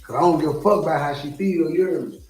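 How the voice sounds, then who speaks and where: A man's voice: on the high side, quick pace, a little mellow, far from the mic. Heated, profane Southern man ranting. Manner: profane, heated, repeats himself. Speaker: streamer. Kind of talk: ranting live stream. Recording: echoey room, from off mic, faint music.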